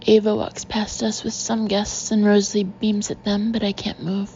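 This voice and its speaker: Gravelly, mellow woman narrating a novel. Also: mid-range voice, level tone, moderate pace, dull audio, slight background noise. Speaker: audiobook narrator. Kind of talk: first-person novel narration.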